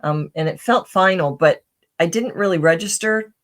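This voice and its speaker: A woman's voice: fairly low pitch, moderate pace. A middle-aged woman, a podcast guest, telling personal stories in a chatty way with many fillers, restarts and a tag "right?". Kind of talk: casual interview storytelling.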